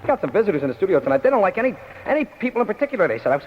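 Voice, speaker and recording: A man working as a radio disc jockey, rattling off fast wisecracking patter and joking with his listeners. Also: sits high, sing-song, a little hiss or hum. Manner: wisecracking, jokey, laughs at his own gags. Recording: tinny 1960s AM radio aircheck with reverb.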